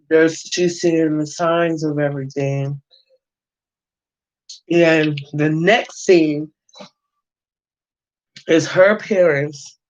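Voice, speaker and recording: A man talks through a movie in a loose, rambling way, full of slang, swearing and "you know what I'm saying." His voice sits a little high for a man. The recording is dull and lo-fi. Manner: slangy, profane and rambling, with many fillers. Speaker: movie reviewer. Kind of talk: casual movie review commentary.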